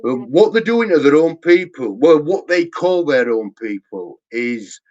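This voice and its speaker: A man hosting a casual live stream, rambling and swearing, his voice jumping high when he mimics others. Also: big pitch swings, measured pace, a little mellow. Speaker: host. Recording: dull lo-fi sound.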